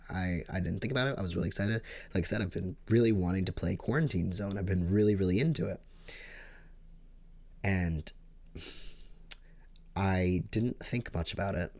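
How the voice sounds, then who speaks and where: Young man, casual storytime vlog, low voice, gravelly fry, rambling and excitable. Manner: rambling and excitable, with sudden jumps up in pitch and loudness. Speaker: vlogger.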